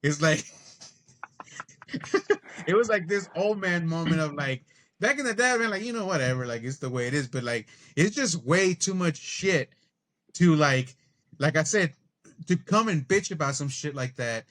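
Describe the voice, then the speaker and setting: A middle-aged man telling a story in a casual, profane, animated rant as a podcast co-host. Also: on the high side, moderate pace, long pauses.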